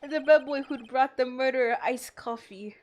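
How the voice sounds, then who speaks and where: A streamer with a high, feminine voice voicing a smarmy young male hotel bellboy in a mystery game, with an affected anime-boy accent. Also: normal speed, a little mellow, lightly acted.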